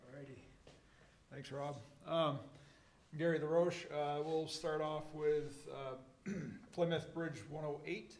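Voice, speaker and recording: A man presenting at a public meeting, slow and hesitant with frequent fillers. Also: a little high, fairly even intonation, echoey room. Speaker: engineer presenting.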